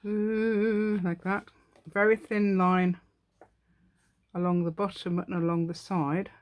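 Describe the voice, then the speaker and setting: Chatty woman with a lowish voice. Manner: rambling, talks to herself, laughs often. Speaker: craft channel host. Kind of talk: chatty crafting tutorial.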